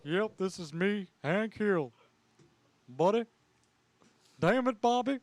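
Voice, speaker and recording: A man doing an impression of a gruff, drawling middle-aged cartoon dad. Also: sits high, expressive, slow pace, no room sound, voice pushed up. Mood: exasperated.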